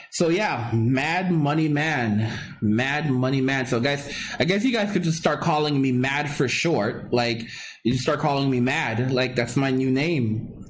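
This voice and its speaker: Slight background noise sits under this medium-pitched man as he runs a laid-back live stream. Chatting with viewers and reading out comments, he wanders and repeats himself, frequently restarting sentences and laughing.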